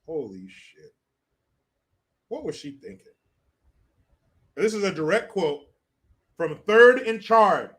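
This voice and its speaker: A man's voice: high-pitched, very animated, takes it slowly, long pauses, a bit bright. A man hosting casual commentary, crude and mocking, laughing often. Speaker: streamer host.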